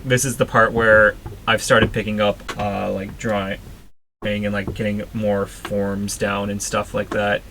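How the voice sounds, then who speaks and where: A man's voice: on the low side, a bit bright, a little hiss or hum. A young man casually reviewing his own drawings, chatty and self-deprecating, with many fillers and restarts. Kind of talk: casual commentary.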